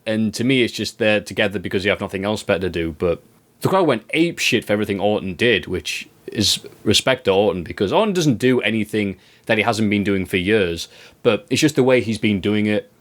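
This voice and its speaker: A man co-hosting a wrestling review, chatting casually in an animated, ranting way and swearing freely. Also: fairly low pitch, fairly quick. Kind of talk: casual chat.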